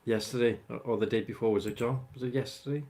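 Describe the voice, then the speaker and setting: Chatting live with his audience, this livestream host rambles and calls out viewers by name. He talks fast in a medium-pitched, darkish voice with fairly even intonation.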